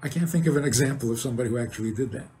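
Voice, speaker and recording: A man's voice: medium pitch, very fast, mellow. An older man, a rabbi, giving an informal talk to an audience, often asking questions and chuckling at his own points. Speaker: rabbi teaching.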